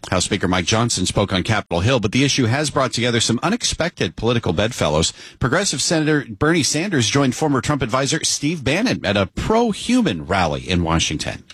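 A man reading scripted radio news as the morning anchor, in a crisp, measured way. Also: mid-range voice, big pitch swings, fairly bright tone, dry recording. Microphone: studio microphone.

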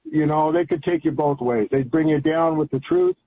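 A man's voice: fairly high pitch, moderate pace, slightly rough. An older man calling in to a radio show, chatting in a rambling, folksy, enthusiastic way. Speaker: caller. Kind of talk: casual call-in chat. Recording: tinny phone line.

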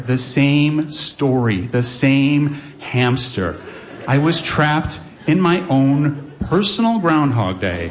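A man's voice: medium pitch, noisy background. A man in his forties telling a wry, self-deprecating story on stage to a live audience. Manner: wry, self-deprecating, animated delivery with playful voices.

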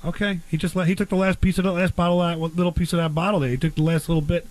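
A man's voice: high-pitched, level tone, very fast, darkish tone. A man hosting a comedy barbecue bit, talking in a brash, rambling, teasing way. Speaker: host.

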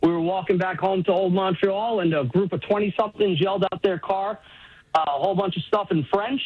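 A man's voice: high-pitched, brisk, slightly rough, no room sound. A man in his fifties calling into a radio show and telling an easygoing story. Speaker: caller. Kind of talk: telling an anecdote on air. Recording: dull, dry phone line.

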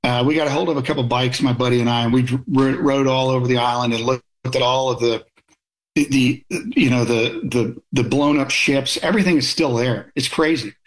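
A middle-aged man in a conversational interview, speaking at a moderate pitch. He is blunt and opinionated, and he tells stories from his military service in a plain, direct way. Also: fairly even intonation, a little fast, low-quality recording. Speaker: guest, military officer.

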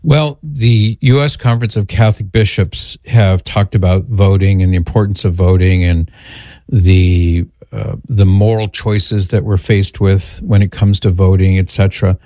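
A male radio host with a lowish, mellow voice who talks in an easy, relaxed way. He jokes with callers and lays out his answers at length. The sound is dry and close, from a studio mic. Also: moderate pace, dry recording. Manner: relaxed, joking, explains at length. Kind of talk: call-in radio talk.

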